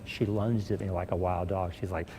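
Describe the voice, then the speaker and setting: A man, a Catholic exorcist priest, calmly telling his experiences in an interview and acting out the voices he heard. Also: low voice, moderate pace, background noise. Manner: calm storytelling, acts out voices.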